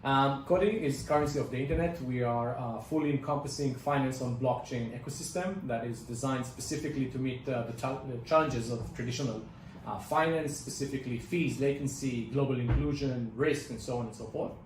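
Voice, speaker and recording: A man's voice: mid-range voice, a little fast. Ceo guy from israel giving a summit talk, lots of uhs, echoey room, far from the mic. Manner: hesitant, many "uh" fillers. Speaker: company CEO presenting. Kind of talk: conference presentation. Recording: echoey, distant, faint noise.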